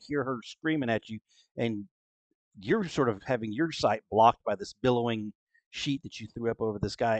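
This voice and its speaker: Man, game master, mid pitch, dry close sound, rambling rules talk. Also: dry recording. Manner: explaining rules with frequent fillers. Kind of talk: running a tabletop game online.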